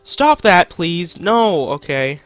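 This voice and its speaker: A man's voice: sits high, sing-song, takes it slowly, fairly bright tone, no room sound, soft background music. A young man commentating his own gameplay, joking to himself and swearing at the game. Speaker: gaming channel host.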